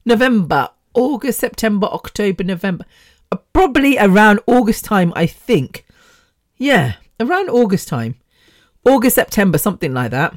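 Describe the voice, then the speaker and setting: A woman's voice: mid-range voice, very animated, normal speed, no echo, studio quality. A woman in her fifties hosting a podcast alone, rambling and chatty with the odd swear word. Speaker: podcast host. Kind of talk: casual solo podcast chat.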